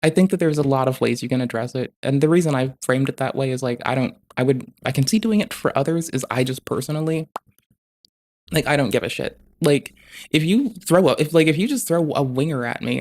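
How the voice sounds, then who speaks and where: A live streamer ranting through stream commentary. The voice stays quiet but rushes along, full of swearing and loose asides that wander off. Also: medium pitch, lively intonation. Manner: talks quietly and quickly; heavy swearing, rambling asides.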